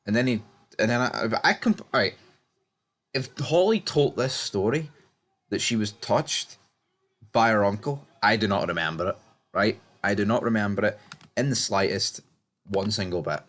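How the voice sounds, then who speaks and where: A man's voice: lowish voice, lively intonation, normal speed, long pauses, fairly bright tone. A man casually recapping TV episodes, blunt and rambling, swearing freely and restarting sentences. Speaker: TV show reviewer.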